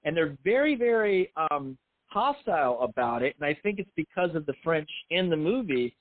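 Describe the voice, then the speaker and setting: This middle-aged man, a filmmaker who both writes and directs, speaks at a moderate pace in a fairly high voice with big pitch swings. The casual interview finds him rambling, self-deprecating and often starting over. There is no room sound, and the line is tinny like a phone.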